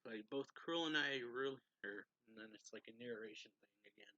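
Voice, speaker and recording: A man's voice: mid-range voice, moderate pace, pushed and bright, dry recording, rough recording. A man casually reviewing a manga chapter, recapping the plot in a rambling way, chuckling often and using lots of fillers.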